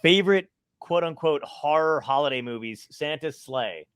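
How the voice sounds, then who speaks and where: A male podcast host chatting eagerly with a guest, reacting like an excited fan. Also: a little high, normal speed, clean tone, dry recording, clean studio sound. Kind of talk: casual interview chat.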